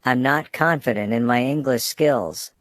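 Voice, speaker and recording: A man's voice: mid-range voice, a little slow, fairly bright tone, no echo. Man reading student phrases, dry and close. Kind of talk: scripted phrase reading for learners.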